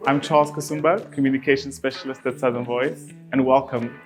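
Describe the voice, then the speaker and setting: A man reads a scripted show introduction in an upbeat, announcer-like way. His voice sits in a middle pitch, and soft guitar music plays faintly behind him. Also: steady tone, fairly quick. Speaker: communications specialist, show presenter.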